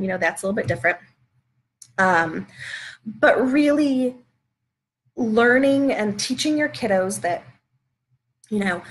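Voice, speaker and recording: A woman's voice: mid-range voice, a little hiss or hum. Brief: woman, parenting educator, chatty live-stream teaching tone, talks through sample conversations. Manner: conversational, works through example dialogues. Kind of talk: live video teaching talk.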